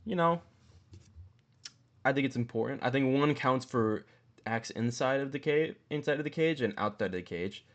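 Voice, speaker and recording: A man talks in a loose, rambling way and swears freely. His voice sits at an ordinary middle pitch but jumps up sharply when he stresses a point. He sounds like someone giving casual commentary to an online audience. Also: expressive, moderate pace, highs cut off. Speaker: mma commentary host. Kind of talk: casual profane ranking commentary.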